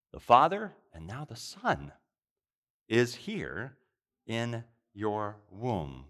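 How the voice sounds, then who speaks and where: A man preaching a sermon in an animated, emphatic way, with quick asides and bursts of loud exclamation. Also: lowish voice.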